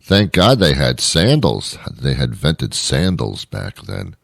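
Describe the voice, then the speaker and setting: Deep-voiced man rambling through a comic monologue. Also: big pitch swings, slow, gravelly, no room sound, clean studio sound. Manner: rambling, self-interrupting, wry asides. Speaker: show host. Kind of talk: comedic monologue.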